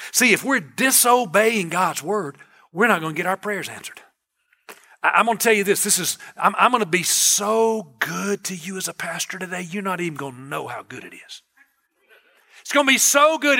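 A man's voice: high-pitched, bright, forceful tone. A man preaching as a pastor in a conversational, emphatic sermon style, repeating key phrases for emphasis.

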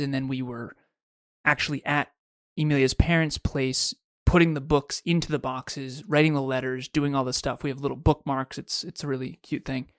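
Male podcast co-host, casual storyteller, slightly high voice, dry close-miked sound. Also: dry recording. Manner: storytelling, self-correcting restarts.

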